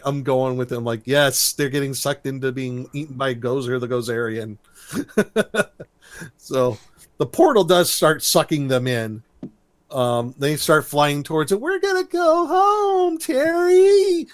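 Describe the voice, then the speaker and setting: A man co-hosting a podcast, recapping a cartoon episode in a lively, storytelling way and laughing as he goes. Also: medium pitch. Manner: animated storytelling, briefly imitates characters with laughs. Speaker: podcast co-host.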